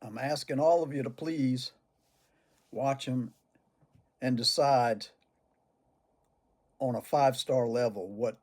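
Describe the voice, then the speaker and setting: Husky older man telling stories, chuckling. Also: mid-range voice, slow pace, pauses often. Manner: chuckles through his stories. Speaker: cigar vlogger. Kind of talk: casual storytelling to camera.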